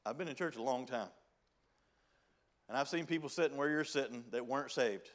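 A man preaching a sermon as pastor, with a Southern country accent, reading scripture in old-style wording and swinging between loud emphasis and hushed pleading. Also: medium pitch, a little fast. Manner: folksy preaching, reads King James scripture.

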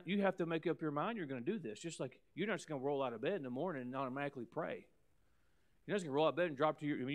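A man preaching a sermon as pastor, emphatic, repeating words and swinging between loud and soft. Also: on the high side.

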